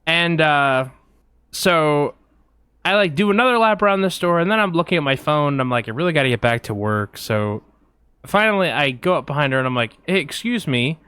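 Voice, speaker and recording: Podcast guy telling a long rambly story, kinda high smooth voice, lots of likes and ums, dry close mic. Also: a little fast, no room sound. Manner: rambling, animated anecdote with many fillers. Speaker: podcast co-host. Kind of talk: casual storytelling chat.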